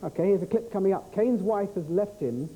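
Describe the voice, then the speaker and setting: Male quiz host, fairly high, dark and soft in tone, brisk and jokey. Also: expressive, slight background noise, poor audio. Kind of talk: scripted TV quiz hosting.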